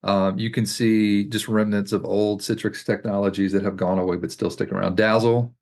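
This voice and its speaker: A man's voice: on the low side, level tone, moderate pace, vocal fry, darkish tone. A man in his forties, a regular podcast guest, joking and teasing playfully. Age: 40s. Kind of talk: casual podcast chat.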